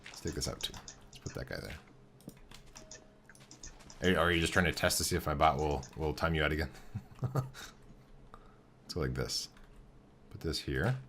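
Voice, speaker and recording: A man thinking aloud in casual commentary as he builds in a game. He talks in a relaxed, halting way, full of fillers and restarts. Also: very deep voice, slight background noise. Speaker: game streamer.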